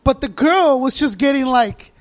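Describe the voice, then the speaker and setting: A man's voice: extremely high pitch, animated, normal speed. A man co-hosting a podcast in casual chat, joking crudely and often restarting his sentences. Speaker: podcast co-host.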